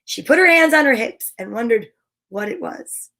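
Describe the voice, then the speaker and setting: A woman's voice: a little high, lively intonation, moderate pace, sharp tone. A woman hosting a children's storytime, reading a storybook aloud playfully and animatedly, with chatty asides. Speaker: storytime host.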